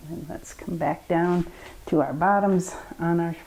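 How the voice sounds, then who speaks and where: A woman guiding children through a bedtime yoga story, with gentle, coaxing and playful instructions. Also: lowish voice, steady tone, unhurried, a little hiss or hum, low-quality recording. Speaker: kids yoga teacher.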